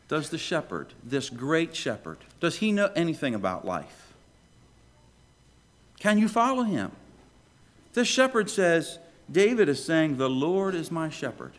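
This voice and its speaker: Male preacher, sermon delivery, animated pitch, loud pleas dropping to hushed lows. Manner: animated preaching, swings between loud questions and hushed low lines. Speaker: pastor.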